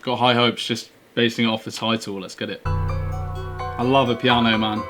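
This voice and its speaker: A man's voice: medium pitch, level tone, normal speed. A man hosting a music reaction video, chatting casually in an enthusiastic, slangy, rambling way.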